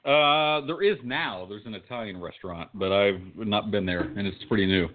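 A man's voice: lowish voice, normal speed, background noise. A man co-hosting a podcast in casual chat, mostly giving short, profane reactions. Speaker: podcast co-host. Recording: tinny phone-like sound.

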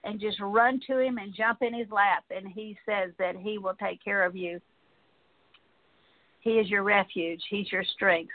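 A woman's voice: mid-range voice, fairly even intonation, measured pace, no room sound. A woman teaching from the Psalms, then leading a long prayer of confession with a string of "forgive me" petitions and a few ums and uhs. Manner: reads Psalms aloud and prays in a long repeated list, with ums and uhs. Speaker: Christian teacher. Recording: tinny phone-like line.

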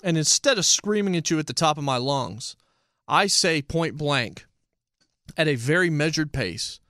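A man casually reviewing a TV series, talking in an emphatic, animated way. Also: a little high, measured pace, dry recording, studio quality.

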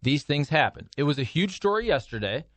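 A man's voice: fairly high pitch, very animated, brisk, a bit bright, dry recording. A man co-hosting a sports talk radio show in a studio, giving emphatic opinions in casual banter. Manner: opinionated, emphatic hot takes. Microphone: studio microphone.

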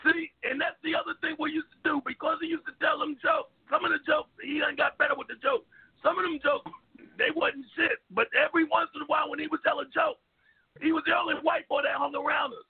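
An older man holds the floor with loud, boastful stories and casual cursing. His voice sits very high and gravelly. It comes through a thin, phone-like line. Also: flat delivery, fast. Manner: brash, boastful tall-tale storytelling with profanity. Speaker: co-host. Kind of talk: boisterous casual chat. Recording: phone-like call audio.

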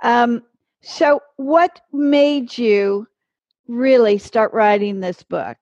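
A woman's voice: a little high, very slow, a little mellow, no room sound, muffled recording. A woman hosting an interview who responds to her guest with affirming remarks and asks questions. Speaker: interview host.

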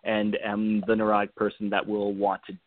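A man's voice: on the low side, monotone, normal speed, no room sound. Guy from alberta rambling on a call, laughs a lot, tinny phone audio. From Alberta, Canada. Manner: rambling, self-deprecating, laughs easily, many restarts. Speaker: guest. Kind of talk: casual call-in chat. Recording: tinny phone line, dry.

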